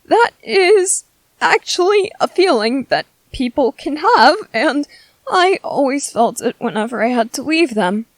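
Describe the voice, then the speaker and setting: A woman's voice: high-pitched, big pitch swings, a little slow, no echo. A woman voicing a shy, bookish young male soldier in an ASMR audio drama, nervous and stammering.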